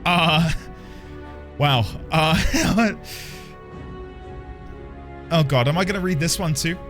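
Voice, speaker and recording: A man's voice: a little high, takes it slowly, faint music behind. A man streaming a video game, chatting playfully and animatedly with his viewers. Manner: playful and animated, talking to chat. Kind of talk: casual gaming commentary.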